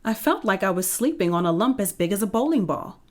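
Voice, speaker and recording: A woman's voice: mid-range voice, lively intonation, fairly quick, natural voice. A woman voicing a well-mannered young princess who speaks politely and a little hesitantly.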